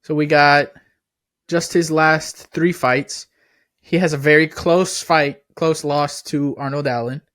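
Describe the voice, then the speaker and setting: A man's voice: a little high, fairly even intonation, slow, fairly bright tone. A man co-hosting a podcast, easygoing and leading the questions in casual chat. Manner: easygoing, laughs along, leads the questions. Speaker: podcast co-host.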